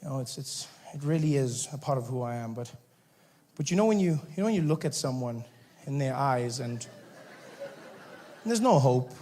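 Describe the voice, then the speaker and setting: A South African man performs a stand-up comedy set on a club stage, animated, slipping into other people's voices and shouting at the audience. His voice is medium-pitched, at a moderate pace, with frequent pauses.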